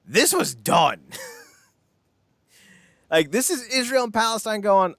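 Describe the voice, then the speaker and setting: Animated ranting man, lively pitch. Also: slow pace, pauses often, no room sound, clean studio sound. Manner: animated, sarcastic, profane ranting. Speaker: podcast co-host. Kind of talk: casual wrestling podcast rant.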